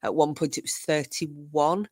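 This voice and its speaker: A woman's voice: low voice, steady tone, measured pace, a little mellow, dry recording, studio quality. A woman chatting as a guest on a livestream, laughing and telling stories. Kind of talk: casual chat.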